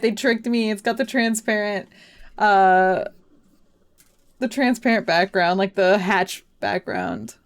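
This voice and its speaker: Slow-talking playful woman streamer. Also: mid-range voice. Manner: chatty, self-deprecating, laughs often. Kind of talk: casual live game commentary.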